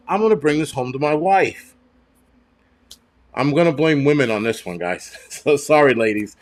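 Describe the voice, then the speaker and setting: A man's voice: on the high side, expressive, normal speed. Blunt, cursing man ranting. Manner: blunt, profane, rambling with restarts. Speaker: host. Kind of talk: casual livestream rant.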